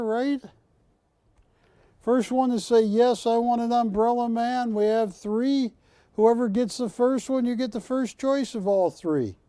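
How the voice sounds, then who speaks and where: A man hosting a live shopping channel, pitching art to callers with persuasive repetition. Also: dark tone, dry recording. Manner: persuasive, repeats words for emphasis. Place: TV studio.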